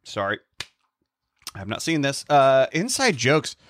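A man's voice: medium pitch, big pitch swings, a little slow, a bit bright, no echo, studio quality. A man co-hosting a podcast in casual chat, talkative and laughing along, sometimes losing his thread. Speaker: podcast co-host.

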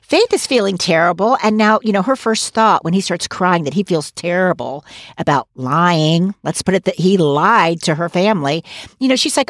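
Woman podcast co-host, low voice, dry studio sound, opinionated casual chat. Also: moderate pace, no echo. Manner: opinionated, animated, laughs while talking.

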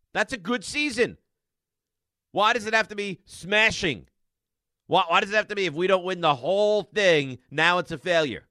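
A man hosting sports talk radio, animated and sarcastic as he rants. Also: a little high, no echo, studio quality.

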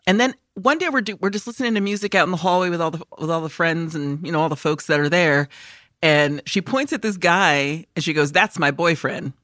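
Dry bright woman telling stories. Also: on the low side, brisk, dry recording. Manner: animated storyteller, swears freely, laughs often. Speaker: podcast co-host. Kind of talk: casual chat.

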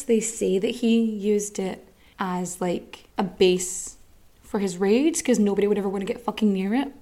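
A woman's voice: a little high, darkish tone. A woman hosting a podcast, telling a history story in a chatty, wry way full of swearing and asides. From Ireland. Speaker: podcast host.

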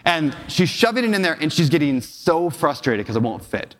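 Man, fairly high voice, keynote storytelling, quizzes the audience, long hall reverb. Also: big pitch swings, normal speed. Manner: personal, emotional storytelling with audience questions. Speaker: real estate investor giving a talk.

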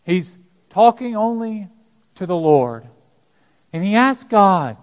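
A man's voice: high-pitched, very animated, slow pace, long pauses, long reverb tail. A man preaching a sermon as pastor, dramatically acting out the scripture he quotes.

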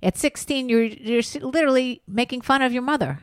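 A mother co-hosting a candid podcast with her adult son, reassuring and gently teasing him. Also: high-pitched, a little fast, clear, resonant tone, no room sound, studio quality. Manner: reassuring, teasing, laughs easily. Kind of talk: candid family podcast chat.

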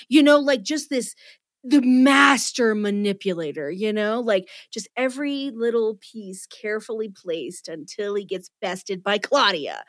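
A woman of medium pitch hosts a casual podcast chat, talking with quick asides and self-mocking humor. Her voice sits close and dry with no room sound. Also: animated, no room sound. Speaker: podcast host.

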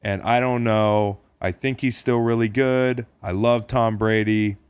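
Low-voiced joking man, dry close sound. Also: steady tone, unhurried, smooth, no room sound. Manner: jokey, profane, rambling with restarts. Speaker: podcast co-host. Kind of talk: casual sports podcast chat.

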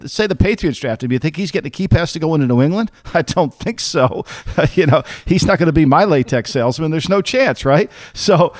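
A blunt, middle-aged man argues his points hard on a sports podcast, swearing as he goes. His voice sits a little high for a man, and the sound is very dry, close to the mic with no room echo. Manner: blunt, emphatic, argumentative, curses freely. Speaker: podcast host, former football executive. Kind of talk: casual sports podcast chat.

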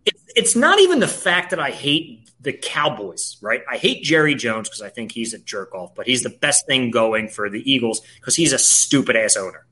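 A man rants in casual sports chat, swearing freely and hammering his points. His voice is bright and forceful. His pitch swings widely. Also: big pitch swings, normal speed, hardly any pauses. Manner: profane, ranting, emphatic. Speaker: podcast co-host.

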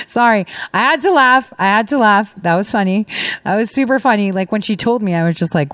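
A woman hosting her own livestream, talking in a rambling, indignant, animated way and laughing now and then. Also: medium pitch, a little fast, dry recording, studio quality. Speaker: livestream host. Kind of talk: casual ranting commentary.

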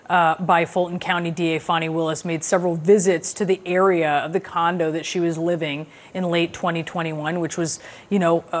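Woman news anchor asking questions. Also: lowish voice. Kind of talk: news interview.

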